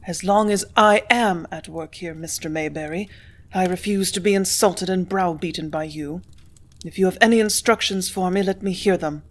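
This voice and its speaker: A composed young office woman who stays quiet and cool under pressure, read by a woman narrator. Her replies are tart and precise. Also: fairly low pitch, normal speed, close to an everyday voice. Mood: firm.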